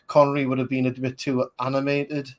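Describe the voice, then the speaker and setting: A man's voice: medium pitch, completely flat delivery, brisk. A man, rambling casually as a podcast host reviewing a film, with many fillers. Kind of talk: casual movie commentary.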